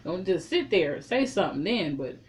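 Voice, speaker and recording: A woman casually recapping and reviewing a film, blunt and profane, telling the story with lively opinions. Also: on the low side, normal speed.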